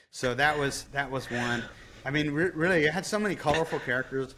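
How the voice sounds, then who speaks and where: A man's voice: on the high side, a little fast, pushed and bright. A man, a dog trainer and podcast guest, telling a story in a loose, casual way, with swearing and restarts. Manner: loose, profane, self-interrupting.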